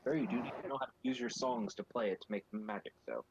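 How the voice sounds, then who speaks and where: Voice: medium pitch, very fast, highs cut off, noisy background. A player at a tabletop game who teases the others and explains the rules. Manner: dry, teasing, rules-minded. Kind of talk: casual tabletop play.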